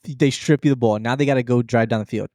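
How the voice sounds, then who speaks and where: A man co-hosting a sports podcast, talking in an animated way with rhetorical questions. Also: mid-range voice, quick pace, no echo. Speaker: podcast co-host. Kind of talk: casual sports chat.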